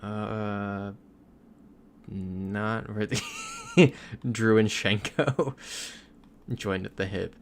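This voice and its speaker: A man's voice: on the low side, steady tone, drawn-out words, pauses often, a little hiss or hum. A young man from Florida, chatting casually on a livestream while he plays, reading out viewer comments and laughing often. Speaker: streamer.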